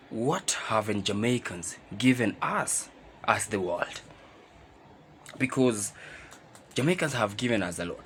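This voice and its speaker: A man with a fairly low voice hosts his reaction channel, talking enthusiastically straight to his viewers. A faint background noise sits under his voice. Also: fairly bright tone. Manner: enthusiastic, direct address to viewers. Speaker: channel host. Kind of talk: reaction video presenting.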